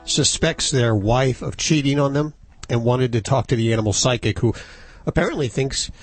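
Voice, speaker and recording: A man's voice: mid-range voice, normal speed, no echo, soft background music. A man hosting a radio show, joking and easygoing in casual talk. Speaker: radio host.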